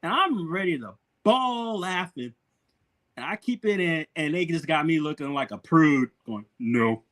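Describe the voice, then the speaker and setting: A man hosting a podcast, telling a story in a casual, animated way, laughing often and swearing freely. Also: on the high side, moderate pace. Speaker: podcast host.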